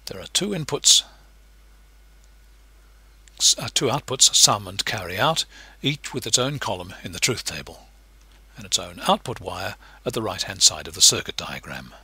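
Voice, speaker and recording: Male lecturer, husky bright voice, patient and explanatory, animated pitch. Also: normal speed, long pauses, dry recording. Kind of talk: recorded lecture narration.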